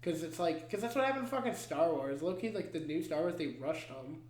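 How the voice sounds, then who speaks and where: A young man co-hosting a podcast, telling a movie plot in animated casual chat, swearing often and acting out the scenes. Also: fairly high pitch, fairly quick. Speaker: podcast co-host. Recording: echoey room.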